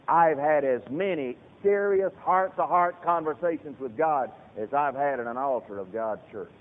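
A man preaching a sermon as a pastor, swinging from hushed talk to loud shouted peaks. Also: on the high side. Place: church sanctuary. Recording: tinny lo-fi sermon recording in reverberant hall.

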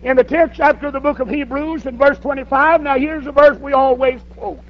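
An older man, a pastor telling a folksy story in a sermon and rising to shouts. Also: very high-pitched, fairly even intonation, a little fast. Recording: dull lo-fi sermon recording.

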